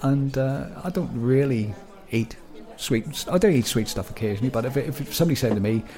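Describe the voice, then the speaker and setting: A man's voice: medium pitch, expressive, a little fast, mellow, faint music behind. A man with a British accent, co-hosting a podcast in casual chat, rambling and restarting his sentences with frequent laughs. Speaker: podcast co-host.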